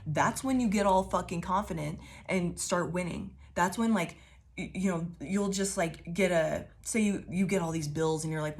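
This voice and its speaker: This tarot reader talks at a normal speed in a fairly low, darkish voice. Her reading for viewers is casual and rambling, full of swearing and laughter, and she keeps affirming them and calling them babies.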